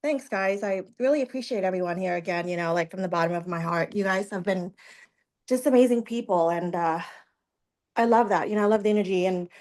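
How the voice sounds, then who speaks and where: A woman's voice: mid-range voice, fairly quick, a little mellow. A woman sharing her reflections in a group session, hesitant and full of fillers. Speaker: coaching participant.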